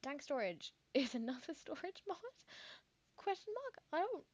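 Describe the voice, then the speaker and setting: A woman talks through a game stream, her voice sitting a little high. She rambles and thinks out loud, full of fillers and quick asides, in easy casual commentary. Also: very animated, no echo, lo-fi sound. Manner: chatty, rambling, thinks aloud with many fillers.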